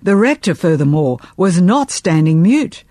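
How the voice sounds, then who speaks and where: A woman reading a first-person historical novel aloud in measured, expressive audiobook narration. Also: on the low side, no room sound, studio quality.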